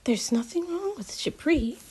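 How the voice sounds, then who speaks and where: A woman voicing a mysterious older female psychic teacher in a storybook reading, speaking in a hushed, cryptic way that slips into whispers. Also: sits high, lively intonation, measured pace, slightly rough, full character voice. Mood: firm.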